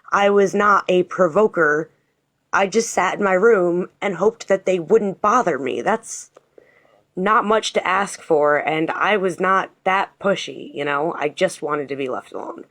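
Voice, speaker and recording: A woman telling a personal story in a casual, sarcastic and emphatic manner. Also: fairly low pitch.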